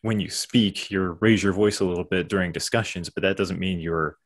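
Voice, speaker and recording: A man appearing as a podcast guest, speaking calmly and explaining his thoughts carefully. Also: sits low, a little fast. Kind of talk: casual conversation.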